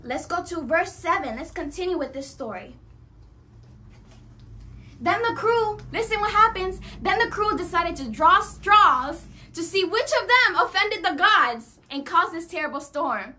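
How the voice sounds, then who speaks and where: A woman preaching a sermon, animated and acting out quoted voices as she addresses the congregation. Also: very high-pitched, a little slow.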